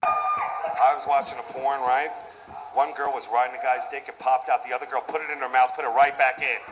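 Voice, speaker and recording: A man doing a crude stand-up comedy set in a club, with a brash, lively delivery. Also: medium pitch, fairly quick, lo-fi sound, heavy background noise. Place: comedy club with a laughing audience.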